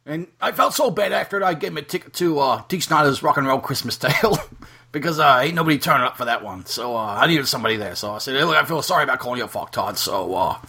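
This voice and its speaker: A man doing a comedic impression of a brash, foul-mouthed, boastful aging rock star on a podcast. He rants, bursts into shouts and stammers over repeated words. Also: mid-range voice, expressive, fast talker, breathy edge, exaggerated voice. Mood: ranting. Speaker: podcast host.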